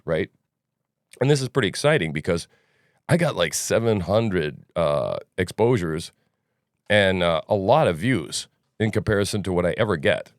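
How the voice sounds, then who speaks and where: Animated, rambling male podcast host. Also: on the low side, no echo, clean studio sound. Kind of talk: casual news commentary.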